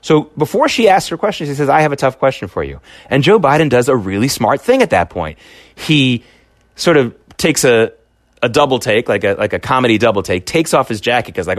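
A man's voice: medium pitch, sing-song, a little fast, no echo. Emphatic male political commentator, dry sound. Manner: emphatic, frequent restarts and stammered repeats. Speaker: podcast host.

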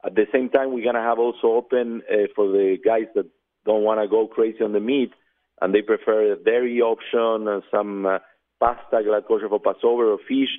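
A man calls into a radio show and talks eagerly, piling on details. His voice sits fairly low. It comes through a thin, tinny phone line. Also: fairly even intonation, a little fast. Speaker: phone-in guest. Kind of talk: casual phone interview.

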